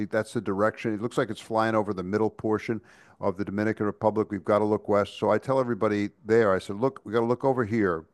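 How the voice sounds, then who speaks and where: A man with a lowish voice chats casually as a podcast co-host. He talks in a rambling way, restarting and stammering often. The sound is close and dry, with no room around it. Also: no echo. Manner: chatty, many restarts and stammers. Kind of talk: casual chat.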